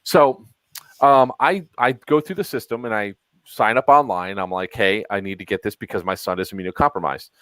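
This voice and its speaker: A podcast host in his thirties tells a story in an exasperated, casual chat, voicing both sides of the dialogue himself. His voice is on the low side and a bit bright, at a normal speed, with no room sound and poor audio quality.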